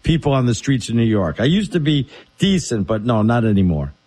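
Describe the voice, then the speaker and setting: A man co-hosting a casual sports talk show, telling animated stories. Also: mid-range voice, fairly quick. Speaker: co-host. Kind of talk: casual sports radio chat.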